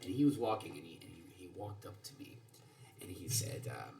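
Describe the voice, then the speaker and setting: A man's voice: low-pitched, very animated, brisk, vocal fry, a little mellow. A man playing a tabletop game who tells a story in character in a rambling, hesitant way. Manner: rambling and hesitant, full of restarts. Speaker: player.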